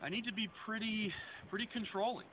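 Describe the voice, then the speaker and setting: A man's voice: sits high, steady tone, brisk. A man working as a dog trainer, explaining his method plainly while handling a dog on location. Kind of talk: instructional on-location demonstration. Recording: dull lo-fi audio with loud background noise.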